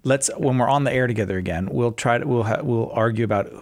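A man's voice: medium pitch, fast talker, a little mellow, no room sound, studio quality. A man hosting a call-in radio show, chatty and jovial, who reads out the phone number. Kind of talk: radio call-in host banter.

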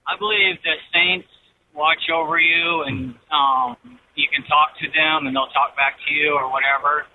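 A man calling in to a radio show, a truck driver who talks in a hesitant, halting way. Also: on the high side, fairly even intonation. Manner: hesitant, halting, many fillers. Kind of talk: phone-in call. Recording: tinny phone line with faint noise.

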